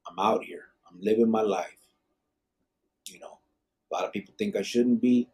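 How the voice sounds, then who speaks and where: Male podcast host, dark mellow tone, blunt and profane, talks straight. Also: lowish voice, normal speed. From Arizona, USA. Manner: blunt and emphatic, heavy swearing, slang. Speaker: podcast host, former gang member. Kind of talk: live podcast talk, reading viewer comments.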